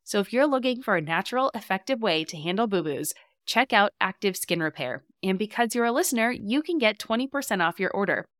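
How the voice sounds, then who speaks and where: A woman's voice: mid-range voice, animated, brisk, fairly bright tone, dry recording, clean studio sound. A woman host reading a sponsor ad in an upbeat, chatty way. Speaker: podcast host. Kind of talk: read ad.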